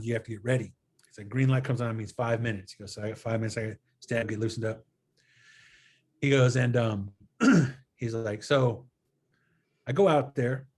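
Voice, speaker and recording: A man in a relaxed conversation retells a friend's story, switching into quoted dialogue as he goes. His voice sits at a middle pitch and his delivery is earnest and animated. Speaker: guest filmmaker. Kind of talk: casual storytelling interview.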